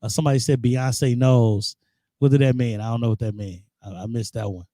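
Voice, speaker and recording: A man's voice: mid-range voice, fairly even intonation, brisk, warm tone, dry recording, studio quality. A man guest-hosting a live internet radio show, chatting casually and reading out viewer comments. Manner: laid-back, reads out viewer comments. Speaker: guest host.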